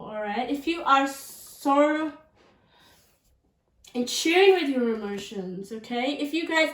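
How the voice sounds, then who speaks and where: A woman's voice: high-pitched, fairly bright tone, recorded from a distance. A woman giving a casual pick-a-card tarot reading, chatty and often checking in with "okay?" and "all right?". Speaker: tarot reader. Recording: echoey room, voice off mic.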